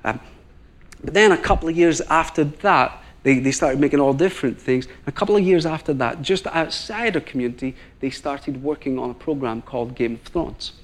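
A man's voice: a little high, moderate pace. A man with a Northern Irish accent preaching a sermon, telling a story and acting out the people in it. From Northern Ireland. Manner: animated storyteller, acts out the people he quotes. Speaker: guest preacher.

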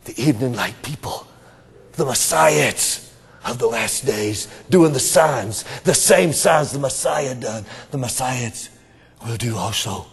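A man preaching a revival sermon, swinging between shouting and hushed whispers. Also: mid-range voice, lively intonation, slow, vocal fry, long reverb tail. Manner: addresses congregation members as brother. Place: church.

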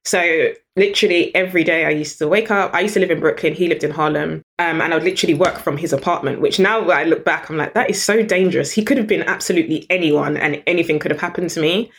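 A British woman, a guest in an interview, telling stories in an animated, chatty way and laughing often. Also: sits low, fast, few pauses. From Britain. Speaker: guest entrepreneur. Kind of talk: storytelling in an interview.

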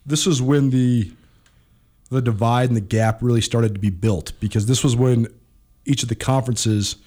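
A man's voice: mid-range voice, fairly even intonation, normal speed, darkish tone. Congested male sports co-host. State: stuffed up with allergies. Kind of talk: casual sports talk.

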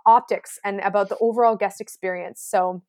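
A woman in her thirties, a wedding planner chatting casually with a co-host. She tells a story in an animated way and acts out the quotes. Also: medium pitch, a little fast.

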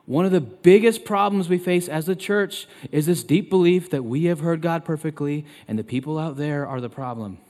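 A man in his thirties preaching a sermon as pastor, turning loud and emphatic when he quotes scripture. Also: moderate pace, few pauses. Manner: emphatic, loud and high when quoting God. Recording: long reverb of a large hall.

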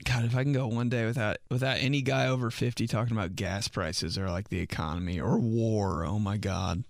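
A man's voice: on the low side, steady tone, fairly quick, gravelly, no room sound, studio quality. A man in his twenties telling comic stories in a rambling, filler-heavy way. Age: 20s. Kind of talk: casual comedic monologue.

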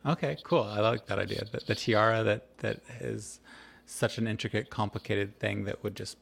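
A man's voice: lowish voice, steady tone, moderate pace, vocal fry. A man acting as game master, narrating a tabletop game over an online call and asking players questions with frequent restarts. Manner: hesitant, many restarts and questions.

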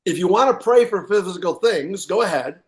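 A man preaching a sermon as pastor, stressing points with pauses for effect, repeating key lines and often filling gaps with "uh". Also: high voice, lively intonation. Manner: halting with frequent uh fillers.

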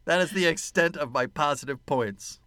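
A man's voice: a little high, moderate pace, bright, forceful tone, clear, resonant tone, dry recording, studio quality. A man co-hosting a casual movie-review podcast, sarcastic, swearing freely and laughing at his own jokes. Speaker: podcast co-host.

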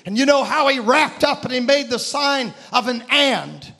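A man preaches a sermon in a very high, ringing voice, building a story with impassioned shouts. He slows some phrases right down for weight. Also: vocal fry.

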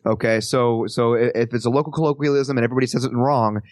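A man from Kansas chats as a podcast guest, rambling and animated, circling back on his own sentences. His voice sits at an ordinary pitch for a man. It is recorded close and completely dry, with no room sound. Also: fast talker, no echo. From Kansas, USA. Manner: animated, rambling with many restarts. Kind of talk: casual chat.

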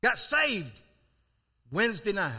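An older preacher with a high, bright, ringing voice. His pitch swings widely as he spins a folksy story from the pulpit, breaking into sudden loud cries. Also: big pitch swings, slow pace, slightly rough. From South Florida. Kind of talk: storytelling sermon.

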